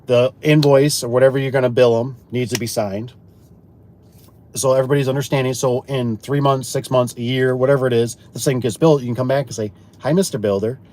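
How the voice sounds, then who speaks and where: Animated man telling work stories. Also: medium pitch, brisk, slight background noise. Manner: animated, acts out quoted customers and himself; repeats words when restarting. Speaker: garage door installer. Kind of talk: casual storytelling chat.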